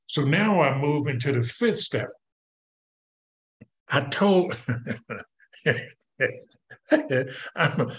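A man's voice: mid-range voice, a bit bright. An older man giving a folksy, conversational personal testimony at a recovery meeting, speaking straight to the audience.

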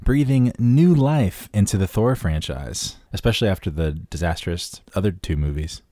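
A man's voice: sits low, normal speed, warm tone, no room sound. A man co-hosting a casual film podcast, joking and self-deprecating while reading out facts. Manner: jokey, self-deprecating, reads facts aloud. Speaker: podcast co-host. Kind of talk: casual chat.

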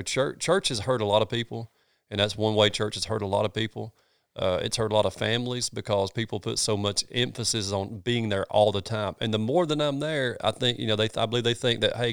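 A man's voice: on the low side, vocal fry, a bit bright, clear, resonant tone, no room sound, studio quality. A man, a pastor talking in a casual chat, earnest and folksy, with many restarts.

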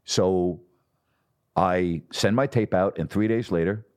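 A middle-aged man tells stories from his broadcasting career in a fairly low voice. He talks with animation and slips into the voices of people he quotes. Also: slow pace. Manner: animated storyteller, acts out quotes. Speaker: guest, sports broadcaster. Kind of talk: storytelling in a podcast interview.

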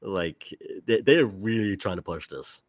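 A man co-hosting a gaming podcast in casual chat, halting, with many restarts and fillers. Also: sits low, expressive, no echo, studio quality. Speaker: podcast co-host.

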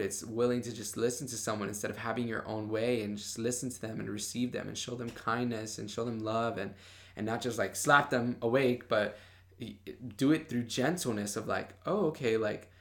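A man's voice: fairly low pitch, fairly bright tone. Passionate young man talking about faith. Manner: passionate and bold, fillers like "like". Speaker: Bible study podcaster. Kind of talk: casual devotional podcast talk.

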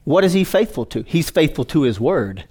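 A man preaches to his congregation in a lively, conversational way, teasing listeners and calling for responses. His voice sits a little high for a man and leaps up and down with great energy. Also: moderate pace, slightly rough. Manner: animated, joking, call-and-response with congregation. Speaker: pastor. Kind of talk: sermon.

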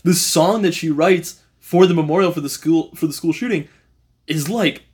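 A man co-hosting a podcast in casual chat, animated and acting out quotes in changing voices. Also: normal speed, breathy edge. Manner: animated, acts out quotes with big pitch jumps. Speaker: podcast co-host.

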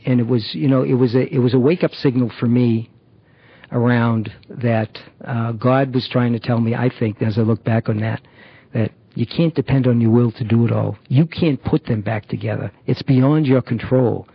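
Sharing his testimony as a recovery program member, this middle-aged man stumbles along, stopping on fillers and beginning sentences again. His husky, gravelly voice is medium in pitch with a steady tone, and the recording is dry, dull, and muffled, with a lo-fi sound.

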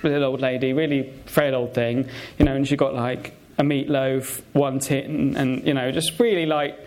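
A man giving a conversational sermon full of personal stories, talking in a halting way with many fillers and restarts. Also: mid-range voice, flat delivery, darkish tone. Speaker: preacher.

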